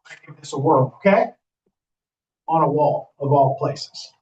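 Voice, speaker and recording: A man's voice: a little high, unhurried, a little mellow, slight background noise. A man, a real estate trainer, teaching a live class in a training room and often checking in with the audience as he talks. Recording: dull, muffled recording.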